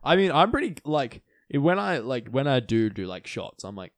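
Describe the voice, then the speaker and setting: A man's voice: mid-range voice, big pitch swings, moderate pace, no echo. A man co-hosting a podcast in casual chat, giggling often and teasing his friend. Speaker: podcast co-host.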